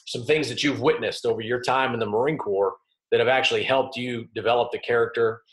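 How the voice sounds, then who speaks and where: A man hosting an interview, asking questions and reflecting thoughtfully, with many halting fillers. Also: medium pitch, fairly even intonation. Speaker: podcast host and interviewer. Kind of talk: conversational interview. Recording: roomy echoey sound.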